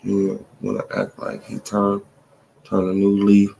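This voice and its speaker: A man's voice: fairly low pitch, very animated, unhurried, vocal fry, warm tone, slight background noise. A man hosting a casual livestream, talking in loose slang with plenty of swearing and filler words. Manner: slangy, profane, rambling talk with lots of "bro" and "man". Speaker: livestream host. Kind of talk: casual livestream commentary on boxing.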